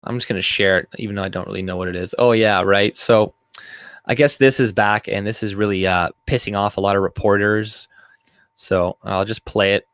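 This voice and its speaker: Reading articles aloud, a Canadian video commentator riffs casually and profanely on the news, laughing often and using lots of fillers. His voice sits on the low side, fairly bright, with fairly even intonation and a slightly fast pace; there's no echo.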